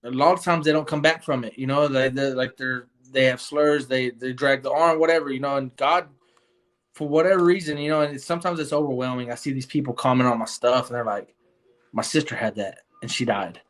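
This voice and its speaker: A man's voice: medium pitch, fairly even intonation, a little fast. A young man telling his story in a casual interview, earnest and rambling, with many fillers and restarts. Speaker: guest.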